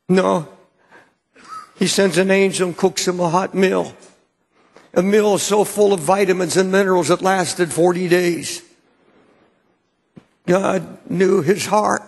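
A man's voice: high voice, fairly even intonation, slow pace, gravelly, pauses often, slightly rough. A man preaching a sermon to a congregation, often stammering and repeating words as he presses a point. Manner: repeats words when stirred, stammering restarts. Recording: long hall reverb.

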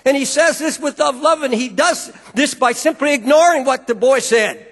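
A man's voice: very high voice, moderate pace, fairly bright tone. A man preaching a sermon in an emphatic, fervent manner. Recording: long hall reverb.

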